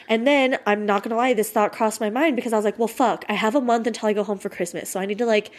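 A woman's voice: fairly high pitch, fairly even intonation, quick pace. A woman in her late twenties in candid, casual chat, swearing freely and filling her talk with "like". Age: 20s.

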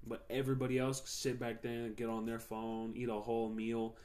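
A man's voice: mid-range voice, completely flat delivery, brisk, a little mellow. Young male podcaster, mid-range voice, heated and profane casual venting. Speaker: podcast host. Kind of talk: casual solo rant.

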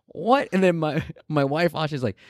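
A man's voice: on the high side, moderate pace, dry recording, studio quality. A man hosting a podcast, telling a family story in a playful way and laughing easily. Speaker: podcast host. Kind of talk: casual podcast chat.

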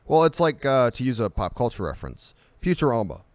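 A man's voice: mid-range voice, big pitch swings, fairly quick, a little mellow, no echo. A man co-hosting an unscripted chat, rambling and spinning vivid comic examples. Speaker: podcast co-host.

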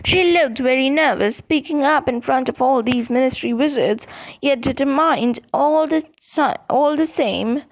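Woman doing a clever earnest schoolgirl, highish voice, slow, dull audiobook sound. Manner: earnest, pleading for support.

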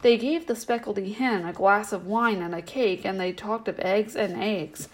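A woman hosting a bedtime story reading, narrating in a gentle, measured way. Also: medium pitch.

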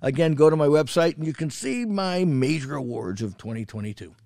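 A man's voice: a little high, animated, a little fast, vocal fry, warm tone, no room sound, studio quality. A man co-hosting a food podcast in casual chat, rambling with restarts and fillers and swearing for emphasis. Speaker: podcast co-host, food critic.

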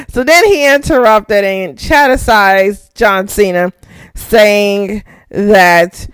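A young woman hosting a casual recap show, excitable, laughing often and swearing freely. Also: medium pitch, drawn-out words, clean tone, dry recording. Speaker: podcast host.

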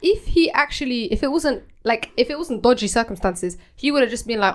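A woman's voice: on the high side, expressive, brisk. A young woman co-hosting a podcast, chatty and telling anecdotes between laughs. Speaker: podcast co-host. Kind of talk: casual chat.

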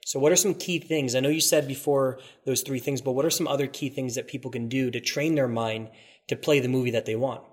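A man hosting a casual podcast, speaking with a lot of enthusiasm and sometimes stumbling over his words. His voice sits in an ordinary middle pitch. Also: fairly even intonation, a little fast. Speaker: podcast host. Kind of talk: casual interview chat.

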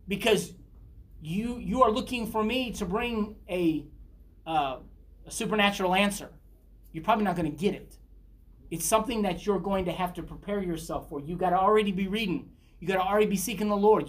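Low-voiced woman leading a Bible study. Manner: earnest, conversational preaching with rhetorical questions.

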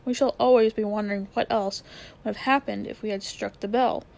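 A woman's voice: medium pitch, fairly even intonation, a little fast, creaky, a little mellow, natural voice. A woman voicing a stubborn, curious young boy who speaks loftily and obstinately in a storybook reading. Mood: insistent. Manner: lofty and obstinate.

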